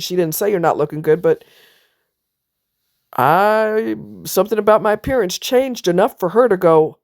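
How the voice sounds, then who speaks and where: A woman's voice: lowish voice, brisk, a little mellow, dry recording, clean studio sound. A woman vlogger telling a personal story in a blunt, emphatic way, now and then swearing. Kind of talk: casual personal monologue.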